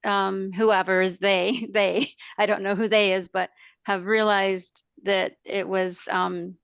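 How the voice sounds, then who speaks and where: A woman's voice: mid-range voice, flat delivery, takes it slowly, vocal fry, a bit bright, smooth, no room sound, highs cut off. A woman language instructor talking through ideas in a webinar discussion, with many fillers and restarts, over a video call. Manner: hesitant, lots of fillers and restarts.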